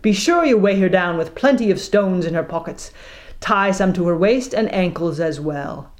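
A woman's voice: lowish voice, animated, moderate pace, lightly acted. A woman voicing a smug, cruel male pirate captain who speaks in a syrupy, gloating way. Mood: commanding.

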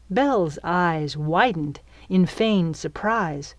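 A woman narrates her own book at an unhurried pace, with her pitch rising and falling vividly. The recording is dry and close, with no room sound. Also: no room sound. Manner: slow, expressive storytelling. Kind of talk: audiobook narration.

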